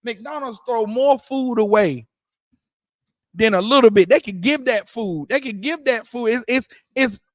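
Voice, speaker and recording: A man's voice: very high-pitched, measured pace, dry recording, clean studio sound. A man leading a religious discussion, preaching in a casual way, often asking "you understand?" and restarting his words. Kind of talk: preaching-style casual talk.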